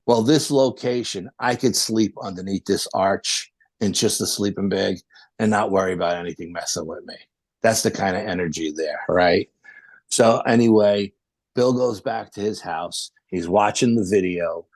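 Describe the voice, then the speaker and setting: A man, a podcast guest telling a rambling, animated story full of quoted dialogue. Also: low voice, moderate pace, no room sound. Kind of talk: casual storytelling.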